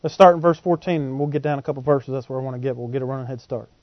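A man preaching a sermon, folksy and animated, often acting out voices in the quotes he tells. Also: medium pitch, racing, no echo. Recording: dull lo-fi podcast audio.

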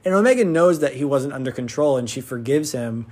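A man's voice: mid-range voice, lively intonation, brisk, darkish tone. Enthusiastic rambling male episode reviewer. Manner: rambling, full of "like" and restarts; enthusiastic fan. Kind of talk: casual spoken episode review.

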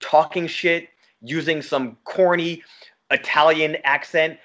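A man from Long Island, New York co-hosts a wrestling podcast, chatting casually in a profane, ranting style. His mid-range voice is a bit bright and moves at a moderate pace.

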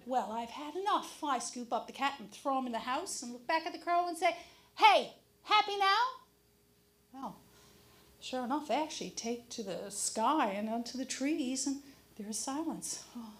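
A middle-aged woman telling a funny personal story on stage to a live audience, animated and acting out the crows' caws. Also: high-pitched, moderate pace. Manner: animated, mimics crow caws.

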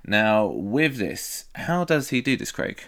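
A man's voice: mid-range voice, big pitch swings, takes it slowly, fairly bright tone, clear, resonant tone. A man co-hosting a casual movie podcast, rambling through the plot and swearing freely. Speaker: podcast co-host. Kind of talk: casual movie-review banter.

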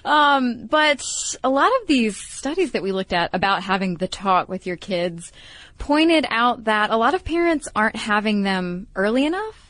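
A woman co-hosting a podcast, chatting and going over study findings in an even way. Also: on the high side, moderate pace, no echo. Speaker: podcast co-host. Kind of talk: casual chat.

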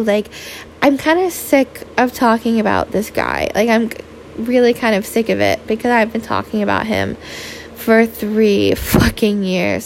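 A woman's voice: a little high, vocal fry, a little hiss or hum. A young woman hosting a casual solo podcast, talking in a chatty, candid way full of "like" and the odd swear, tired and yawning. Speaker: podcast host.

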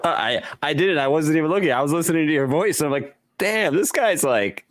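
A man's voice: a little high, very fast, no room sound. A man from the Chicago area co-hosting a sports podcast, talking casually and laughing easily. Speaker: podcast co-host.

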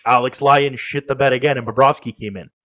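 A man's voice: mid-range voice, steady tone, brisk, fairly bright tone. A man co-hosting a casual sports podcast, talking in a rambling way with many fillers and restarts. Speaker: podcast co-host.

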